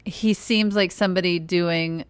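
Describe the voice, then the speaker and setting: A woman's voice: on the low side, fairly even intonation, unhurried, clean tone, no room sound. A woman co-hosting a podcast with dry, teasing humor in casual chat. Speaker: podcast co-host. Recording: noticeable background noise.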